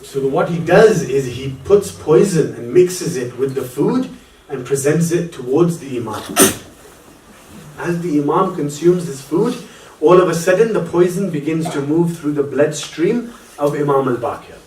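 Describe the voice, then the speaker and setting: A man's voice: on the high side, lively intonation, a little slow, darkish tone, slight background noise. A man preaching a Muharram sermon, telling a story with mounting passion that swells into lament. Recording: echoey hall, voice from a distance.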